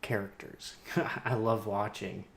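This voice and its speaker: Low-voiced man rambling on a livestream. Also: flat delivery, takes it slowly, gravelly, slight background noise. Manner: rambling, laughing to himself, swings between loud and muttered. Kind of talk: rambling solo livestream monologue. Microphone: streaming mic.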